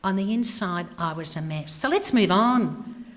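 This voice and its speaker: A woman's voice: medium pitch, expressive, a little slow. A middle-aged woman giving a candid personal talk, her voice falling to whispers for emphasis. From Australia. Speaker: speaker. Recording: hall with long reverb.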